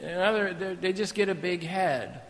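Male missionary preacher, sermon delivery, gravelly tone, echoing sanctuary. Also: high voice, normal speed, a little hiss or hum. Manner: animated, storytelling, jokey asides. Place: church sanctuary.

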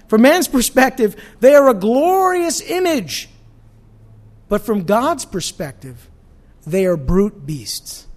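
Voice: mid-range voice, darkish tone. Preacher teaching prophecy. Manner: conversational, asks the audience questions. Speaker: pastor teaching a Bible study. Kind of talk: evening Bible-study teaching.

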